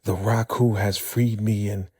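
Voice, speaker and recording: A man's voice: on the low side, little pitch movement, measured pace, mellow, breathy edge, dry recording, clean studio sound, voice pushed up. A man voicing a determined young woman escaping a cult, urgent and insistent, in a vlog recap.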